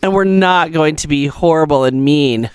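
A man with a fairly high, smooth voice drops short quips into a casual political chat on a podcast. The sound is dry and close. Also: normal speed, no room sound. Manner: brief interjections, dry quips. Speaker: podcast co-host.

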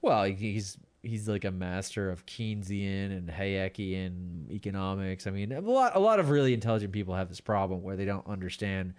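A man hosting a podcast in casual comedic chat, laughing mid-sentence and letting his sentences trail off quietly. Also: sits low, animated, moderate pace, hardly any pauses. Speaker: podcast host.

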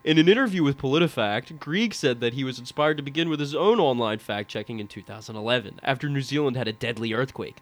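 A man's voice: medium pitch, quick pace, hardly any pauses, no room sound. Man reading aloud with laughing asides. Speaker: podcast co-host reading an article. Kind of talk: casual comedic chat.

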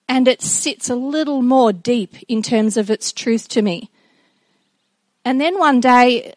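A woman's voice: high voice, no room sound. Earnest woman giving a devotional talk. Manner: earnest and reflective, with halting restarts. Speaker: speaker addressing children and congregation.

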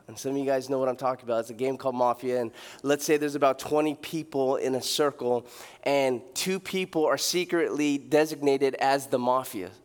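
A young adult man preaches from the pulpit with a notably high voice. He tells stories with lively, animated delivery and joking asides, sometimes mimicking a loud street preacher. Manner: animated, acts out shouting street preachers with big pitch jumps; joking, laughs at his own asides. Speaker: pastor. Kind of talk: sermon.

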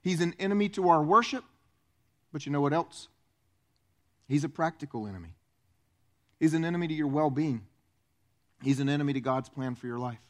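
A man pastor preaching a sermon, animated and acting out the voices he quotes. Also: a little high, a little fast, pauses often.

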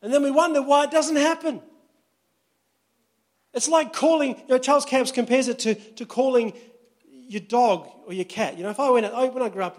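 A man preaching a sermon in a very high voice. He is chatty and tells funny stories as he goes. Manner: conversational, storytelling with humor. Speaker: pastor.

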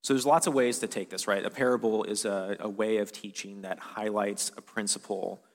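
A man gives a church sermon in a loose, conversational manner, often pausing on fillers. His voice sits on the lower side. The sound rings with a long reverb from a large hall. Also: fairly even intonation. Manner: casual, conversational preaching with many fillers. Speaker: pastor.

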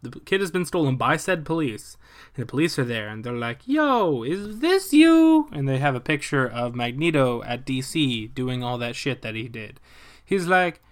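A young man casually retelling a movie plot, animated and profane, dropping into quick voices for the characters. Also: mid-range voice.

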